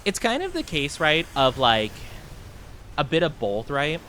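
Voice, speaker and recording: A young man chatting casually on a live stream, rambling and self-deprecating, often jumping into high squeals. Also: huge pitch swings, measured pace, bright, forceful tone.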